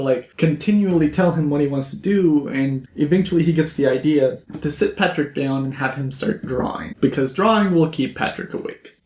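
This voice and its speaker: A man vlogger retelling a novel's plot in a casual, animated way, with playful asides to his viewers. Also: fairly high pitch. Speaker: book vlogger. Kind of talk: casual book recap. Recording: roomy echo.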